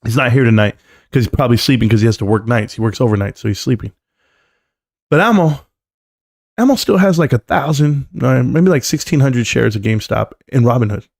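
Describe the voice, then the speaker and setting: Animated joking man streaming live. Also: mid-range voice, fairly quick, gravelly. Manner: joking, rambling, says "bro" constantly; standing at a desk while talking. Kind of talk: casual live stream chat.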